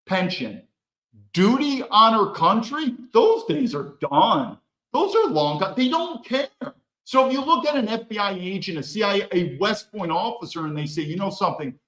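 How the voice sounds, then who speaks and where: In a reverberant, rough recording, a political commentary host rants alone with emphasis, swearing bluntly and stacking up rhetorical questions. The man's voice is high-pitched and a bit bright.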